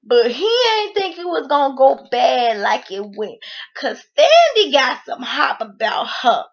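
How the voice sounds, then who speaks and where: A woman hosting a recap of a reality show, telling it in an excitable, slangy way and acting out what people said. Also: high voice, measured pace, lo-fi sound. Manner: excitable storytelling, slangy, acts out quotes.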